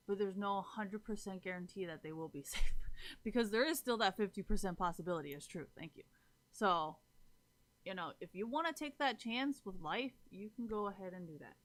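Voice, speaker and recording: A woman's voice: medium pitch, moderate pace, fairly bright tone. Blunt, swearing woman ranting to chat. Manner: keeps checking in with listeners. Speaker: live streamer. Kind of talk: casual talk to stream chat.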